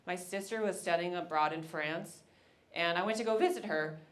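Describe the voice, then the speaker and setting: A woman in her thirties performing a stand-up comedy set, telling a story with lively acted-out voices. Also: lowish voice, normal speed. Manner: animated storytelling, acts out characters.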